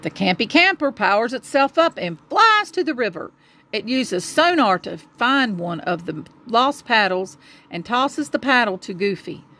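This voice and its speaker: A woman reading a children's storybook aloud to a child, gentle and expressive. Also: a little high, unhurried, slight background noise.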